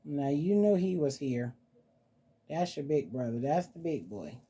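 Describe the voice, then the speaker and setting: A woman hosting a casual vlog, talking softly and playfully to her dolls as if they were children. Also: low voice, big pitch swings, measured pace, husky. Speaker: doll collector vlogger. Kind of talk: casual doll-play vlog.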